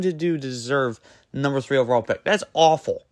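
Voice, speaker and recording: A man hosting his own sports podcast, ranting in an exasperated, emphatic way, full of rhetorical questions and quick self-corrections. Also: mid-range voice, no room sound, clean studio sound. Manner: loose and rambling, trips over words and self-corrects. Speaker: podcast host. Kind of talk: solo sports podcast rant.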